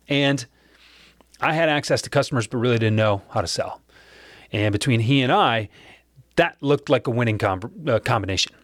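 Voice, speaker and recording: A man's voice: mid-range voice, no room sound, clean studio sound. A man telling a personal story to listeners in a conversational way, acting out remembered dialogue.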